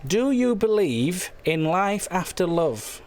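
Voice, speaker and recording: A man hosting a comic late-night phone-in stream, rambling in a silly, deadpan way, his voice a little hoarse. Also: high-pitched, takes it slowly. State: slightly hoarse. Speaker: phone-in show host.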